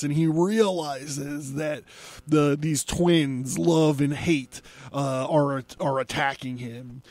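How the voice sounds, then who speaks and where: Slow-talking man recapping a comic. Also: a little high, no room sound. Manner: relaxed, chuckling, with many filler words. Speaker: podcast host. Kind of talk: casual comic book recap.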